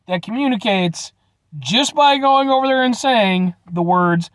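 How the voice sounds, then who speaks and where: A man hosting a casual food review vlog from inside his truck, playful and animated, talking straight to his viewers. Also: high voice, unhurried, clear, resonant tone, no room sound. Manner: animated, playful, keeps addressing viewers as folks.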